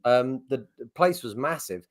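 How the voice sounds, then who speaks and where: A man's voice: medium pitch, expressive, normal speed, no echo, clean studio sound. A man co-hosting a podcast, chatting casually with swearing and laughter. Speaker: podcast co-host. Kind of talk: casual chat.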